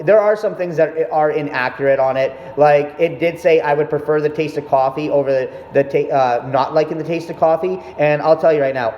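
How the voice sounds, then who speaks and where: Young dude ranting, swears a lot, kinda high voice, dull boomy room. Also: male voice, darkish tone. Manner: rambling, profane, self-interrupting. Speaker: vlogger. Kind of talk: casual storytelling monologue. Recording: echoey, dull room sound with faint noise.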